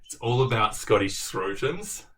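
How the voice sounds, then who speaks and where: A man co-hosting a casual book chat, joking in a dry, deadpan way. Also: medium pitch, a little slow. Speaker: booktuber co-host. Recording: distant mic, faint background noise.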